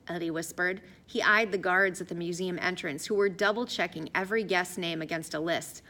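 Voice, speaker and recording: A woman narrating an audiobook in an expressive, lively storytelling voice. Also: lowish voice, moderate pace, few pauses. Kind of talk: scripted narration.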